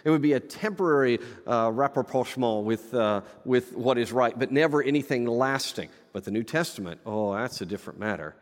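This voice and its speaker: A man's voice: medium pitch, a little fast, few pauses. Man preaching in a reverberant church. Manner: animated, playful asides to the congregation. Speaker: pastor. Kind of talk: sermon. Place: church sanctuary.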